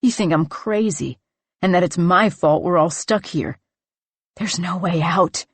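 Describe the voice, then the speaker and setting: Woman narrator doing a frantic young man, shouting and accusing. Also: lowish voice, a little slow, breathy edge, dry recording. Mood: ranting, accusing.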